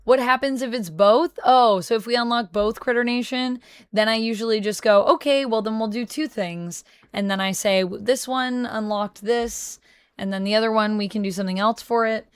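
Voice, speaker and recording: A young woman streaming from home, chatting casually with her viewers and thinking out loud into a close mic. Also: a little high, steady tone, normal speed, clean tone, dry recording. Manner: chatty, talks to chat, thinks aloud. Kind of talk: casual livestream chat.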